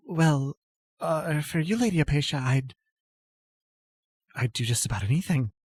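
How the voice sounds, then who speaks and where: A man's voice: on the high side, animated, a little slow, a little mellow, breathy edge, no room sound. A man voicing a flustered, devoted young woman who stammers and repeats herself. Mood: flustered, eager.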